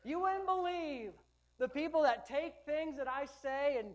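A woman's voice: sits high, expressive, a little slow. A woman pastor preaching a sermon, rhythmic and emphatic, with lighthearted asides to the congregation.

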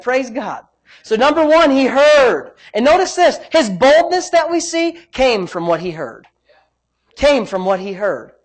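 A man's voice: very high-pitched, big pitch swings, a little slow. A male pastor preaching a sermon in an emphatic, repetitive way, often breaking in with praise. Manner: emphatic, repetitive, frequent "praise God" interjections.

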